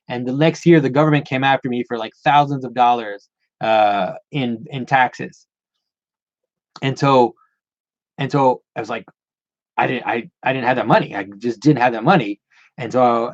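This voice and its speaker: A man hosts a casual livestream Q&A, answering viewer questions as a channel host while rambling, restarting often, and repeating words. His voice is medium in pitch, and the recording is dry and muffled.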